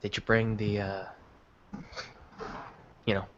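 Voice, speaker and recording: A man with a fairly low voice runs a tabletop game in a loose, halting way. The sound is dull and lo-fi, with faint background hiss. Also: flat delivery. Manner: loose, halting, many fillers. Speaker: game master. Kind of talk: casual tabletop role-play narration. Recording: dull lo-fi voice chat with faint noise.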